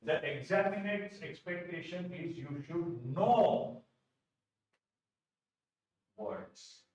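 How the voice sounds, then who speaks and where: A man's voice: high-pitched, drawn-out words, a little mellow, lo-fi sound. A man with an Indian English accent teaching vocabulary in a live exam-prep lecture, repeating key phrases and asking questions to answer them himself. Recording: very echoey room, distant from mic.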